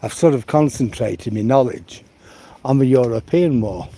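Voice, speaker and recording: A man's voice: mid-range voice, moderate pace, warm tone. A man, chatting casually and rambling while on a walk outside, often saying "you know". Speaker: live-stream host. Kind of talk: casual chat while walking. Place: outdoors on a rural walk. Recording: outdoor noise with passing vehicles.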